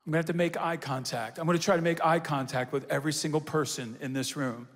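High-voiced preaching man in a reverberant hall. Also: fast talker, few pauses. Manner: call-and-response preaching, repetitive emphatic phrasing. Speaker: pastor. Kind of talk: sermon. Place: large church hall with congregation. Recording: hall reverb from a large venue.

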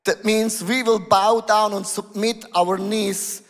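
A man preaching a sermon as pastor in a church hall, emphatic, dropping his voice low and then rising to loud exclamations. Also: steady tone, takes it slowly. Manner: emphatic, switching between lowered tones and raised exclamations. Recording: long hall reverb.

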